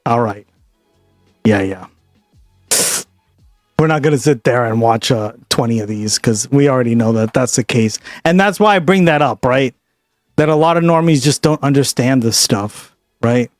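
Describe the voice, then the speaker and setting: A man's voice: medium pitch, moderate pace, dry recording, studio quality, faint music behind. A man streaming live, casually reacting to a news clip and chatting loosely with his viewers, leaning on "like" and "right?".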